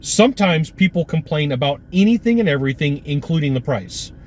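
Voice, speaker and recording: A man giving an energetic, punchy sales coaching talk with lots of repetition. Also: fairly high pitch, brisk.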